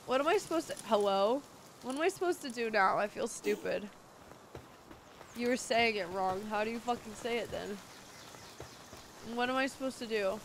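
Excitable, foul-mouthed woman streamer. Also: a little high, normal speed, pauses often, slight background noise. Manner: excitable and profane, swings to squealing over cute things. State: sore throat. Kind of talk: casual live-stream chat while gaming.

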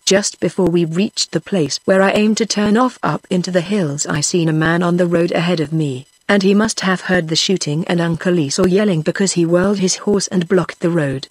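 A text-to-speech woman's voice with a British accent, reading an audiobook in an even, steady way. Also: on the low side, normal speed, few pauses, husky, no room sound. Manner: even, steady machine-read delivery. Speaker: audiobook narrator.

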